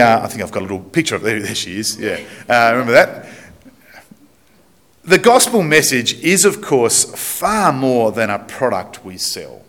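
A man's voice: medium pitch, a bit bright. Chatty Australian man preaching a sermon. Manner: chatty and joking, slowing down for emphasis. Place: church, speaking to a congregation.

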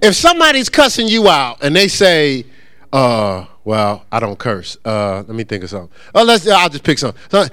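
A male pastor teaches a congregation, and his pitch swings up and down with animation. His voice is a little high for a man and is recorded dry and close, with no room echo. He keeps checking in with the listeners and slips in humor. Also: expressive, fairly quick, a bit bright, smooth. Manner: call-and-response, asks congregation to answer; humorous, acts out quoted voices. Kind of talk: interactive sermon teaching.

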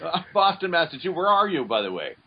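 Rambling man with a lively voice on a dull line. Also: fairly high pitch, husky. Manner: rambling, halting, full of restarts. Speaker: guest voice actor. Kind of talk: casual interview chat.

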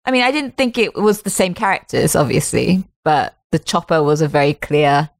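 Calm low-voiced woman, dry close sound. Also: vocal fry, dry recording. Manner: calm, measured, many listening murmurs. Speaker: podcast guest. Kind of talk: casual film discussion.

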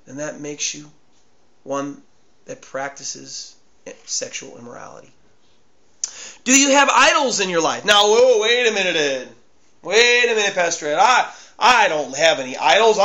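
A pastor delivering a sermon in a strikingly high, bright voice. He fires off pointed rhetorical questions and lets the ends of his phrases sink into a hushed, low murmur. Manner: preaching with emphatic rhetorical questions.

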